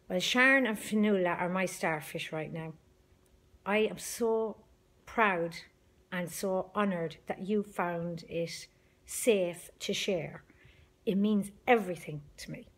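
Brief: middle-aged woman, motivational group leader, chatty and emphatic. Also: fairly low pitch. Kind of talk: motivational video message.

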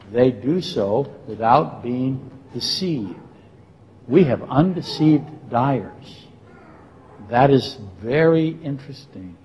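In a church sanctuary, a Bible teacher lectures his congregation, firing rhetorical questions and dropping dry, facetious asides. His mid-range voice is a little mellow, and the hall gives a long reverb.

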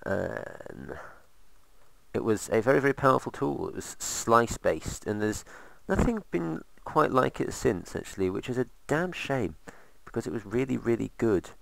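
A man's voice: mid-range voice, big pitch swings, moderate pace, gravelly, a bit bright, no room sound. A man casually commentating while playing a game, rambling with sarcastic asides. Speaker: let's play host.

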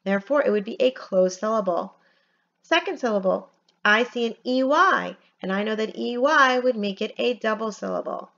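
A woman teacher giving a phonics lesson from home, spelling words out letter by letter in a slow, careful way. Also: on the high side, lively intonation, vocal fry, a bit bright, muffled recording.

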